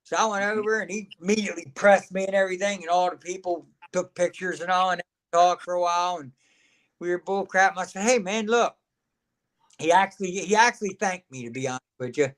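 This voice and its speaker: A wrestling guest at a fan signing tells casual, meandering stories, laughing as he goes. His voice sits high, with a fairly bright tone and a brisk pace.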